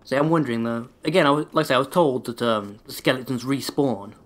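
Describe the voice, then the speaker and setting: A man's voice: medium pitch, quick pace. A man with a sore throat giving rambling, sarcastic let's-play commentary, swearing often as he plays. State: sore throat, voice held back. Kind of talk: casual gameplay commentary.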